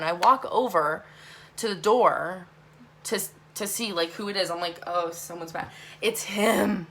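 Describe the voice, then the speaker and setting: A young woman telling a storytime vlog, talking fast and animated, swearing a lot and saying "like" often. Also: mid-range voice. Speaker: vlogger.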